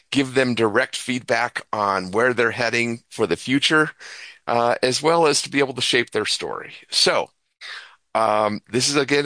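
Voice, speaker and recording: Bright, halting male event host. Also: mid-range voice, no room sound. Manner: halting, filler-heavy. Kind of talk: casual event hosting.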